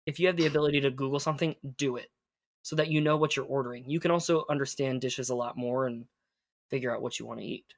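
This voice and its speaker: A man teaching conversational Spanish, patiently explaining and modeling phrases slowly. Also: medium pitch, dry recording.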